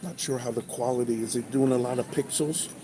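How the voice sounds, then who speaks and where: A trucker at a truck stop restaurant reads his viewers' comments aloud during a casual breakfast livestream, talking fairly quickly in a mid-range voice with fairly even intonation. Restaurant noise fills the background.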